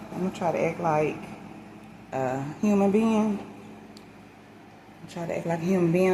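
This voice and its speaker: Animated woman vlogger over background hiss. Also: low-pitched. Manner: animated, dramatic retelling with quoted voices and religious exclamations. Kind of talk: casual storytelling vlog.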